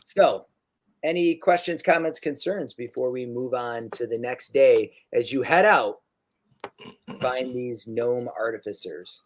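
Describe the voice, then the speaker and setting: Relaxed young man running a tabletop game. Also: mid-range voice. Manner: relaxed, halting with fillers. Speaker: dungeon master.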